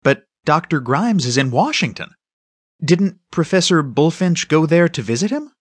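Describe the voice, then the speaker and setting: A man voicing an eager, restless young boy inventor in an audiobook, with excited, whining bursts. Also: on the high side, normal speed, breathy edge, no room sound.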